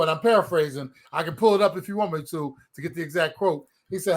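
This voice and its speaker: High-voiced man talking football. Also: quick pace, few pauses. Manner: animated, emphatic, repeats words when starting. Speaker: podcast co-host, former player. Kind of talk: casual sports chat.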